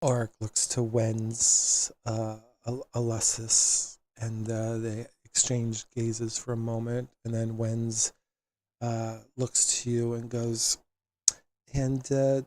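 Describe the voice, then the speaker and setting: Game master guy narrating, mid pitch, dry close sound, lots of uhs. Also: takes it slowly, no room sound. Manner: relaxed, filler-heavy narration.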